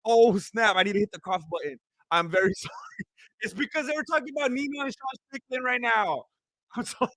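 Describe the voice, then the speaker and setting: Reading chat comments aloud on a casual stream, this young host has a high, bright voice that's going hoarse after hours on air. He's excitable and quick to laugh, exclaiming at comments, then easing into soft, sincere thanks. He talks fast, and the close, dry recording has no room around it.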